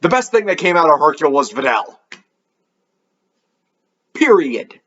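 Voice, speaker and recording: A man's voice: a little high, sing-song, measured pace, fairly bright tone, dull audio. A man hosting a comedic anime review show, sarcastic and swearing freely.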